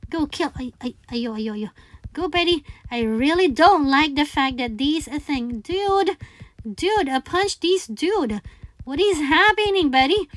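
A woman giving excited gameplay commentary, chanting repeated commands and calling game characters buddy. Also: sits high, no room sound. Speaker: gaming channel host.

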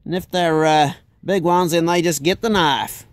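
A man's voice: a little high, moderate pace, no room sound, lightly acted. A man voicing a boastful, swaggering hunter with a put-on drawl. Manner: drawling, bragging, tall-tale telling.

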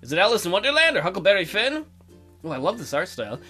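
A man hosting a let's play, reading a visual novel aloud with joking asides in an animated way. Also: high voice, fast talker, breathy edge, faint music behind. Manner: animated, joking, breaks into silly voices.

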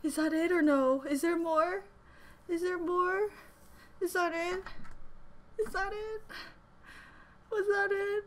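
Young woman, reaction vlog, breathless gushing, swearing, very high voice, faint noise behind. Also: steady tone, slow, long pauses. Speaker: fan reacting to a performance.

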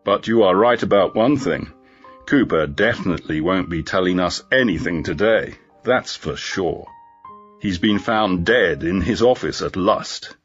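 Man doing a friendly joking male inspector, lively intonation, dull lo-fi sound. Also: low voice, measured pace. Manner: friendly and teasing. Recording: dull lo-fi with faint music.

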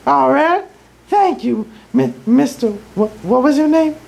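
A woman's voice: high-pitched, lively intonation, unhurried, vocal fry, darkish tone, heavily acted, rough recording. A woman voicing a bossy, sassy young village princess in an improvised comedy skit. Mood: storytelling. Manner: sassy and snappy.

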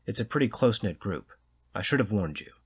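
A man's voice: on the low side, animated, fairly quick, breathy edge. A man voicing an easygoing, reassuring man hosting a gathering.

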